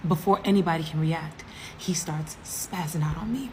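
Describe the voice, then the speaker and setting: A woman telling a comedic story time, animated and dramatic, with frequent asides to the audience. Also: sits low, normal speed, a little hiss or hum. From US East Coast.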